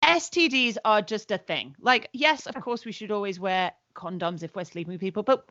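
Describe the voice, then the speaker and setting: A woman's voice: mid-range voice, lively intonation, normal speed, sharp tone, dry recording, highs cut off. Blunt, sweary woman podcaster. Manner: blunt and sweary, recaps with quoted asides. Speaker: podcast co-host. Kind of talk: casual chat.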